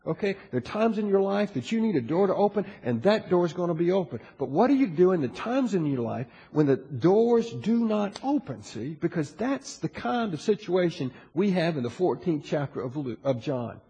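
A man's voice: high-pitched, very animated, normal speed, hardly any pauses, warm tone, slightly rough, lo-fi sound. An older man preaching a sermon in a conversational way, often restarting his sentences and adding asides, in a large church. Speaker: pastor. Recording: long hall reverb.

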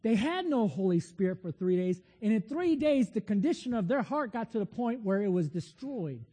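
A man's voice: sits high, very animated, moderate pace, mellow, breathy edge, long reverb tail. A man preaching a sermon in a conversational, storytelling way with frequent restarts.

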